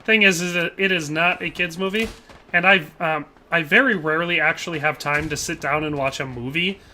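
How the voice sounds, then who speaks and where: A man talks into a desk mic while playing a shooter, with a high and strikingly bright voice. He rambles casually, reads out viewer comments and tacks playful little tags onto his sentences. A faint noise sits under his voice. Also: fairly quick. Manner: chatty, rambling, tacks on playful tag phrases. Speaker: live streamer. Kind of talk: casual gameplay commentary while reading chat.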